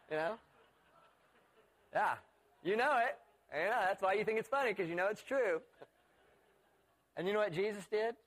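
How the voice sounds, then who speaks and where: A man preaching a sermon in a conversational way, often putting questions to his listeners. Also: on the high side. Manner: conversational, asks the audience questions.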